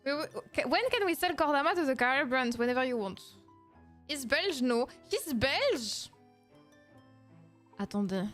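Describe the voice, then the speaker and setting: A woman's voice: sits high, expressive, fairly quick, a bit bright, faint music behind. A woman with a French accent chatting casually on a live stream, playful, slipping in French words and laughing often. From France.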